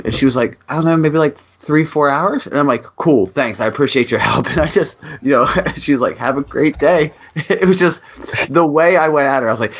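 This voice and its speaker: A man co-hosting a podcast, telling an animated story in casual chat and acting out a phone call, swearing freely. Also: mid-range voice. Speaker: podcast co-host.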